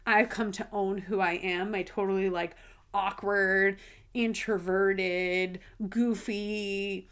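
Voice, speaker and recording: A woman's voice: medium pitch, a bit bright. Woman host, 30s; blunt, casual, swears, laughs a lot. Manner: candid and blunt, swears freely, laughs often. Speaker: podcast host. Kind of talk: casual solo podcast talk.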